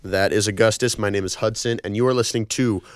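A young man in his twenties runs a college radio show from a small studio, talking fast in a lowish voice with fairly even intonation. He rambles, apologizes offhandedly and runs himself down, and the studio mic gives a dry recording.

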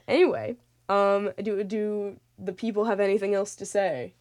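A woman's voice: medium pitch, level tone, moderate pace, a little mellow. A young woman hosting a late-night radio show, chatting casually and rambling with lots of fillers and restarts. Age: young adult.

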